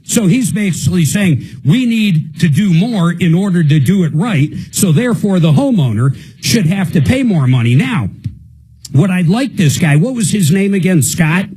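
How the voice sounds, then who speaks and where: A man's voice: high voice, expressive, moderate pace, warm tone, husky, poor audio. A male radio host on a live consumer call-in show, talking in a fired-up, indignant rant. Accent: American.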